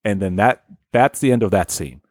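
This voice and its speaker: A man's voice: on the low side, normal speed, no room sound, clean studio sound. A young man hosting a comedy podcast, telling a rambling improvised story in a casual, joking way. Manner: rambling, lively, with frequent filler and restarts. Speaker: podcast host.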